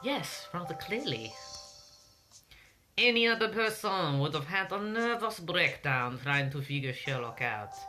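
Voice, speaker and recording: A woman voicing a suave, teasing male French detective with a put-on French accent, drawling theatrically over loud game music. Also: lowish voice, lively intonation, measured pace. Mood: smug.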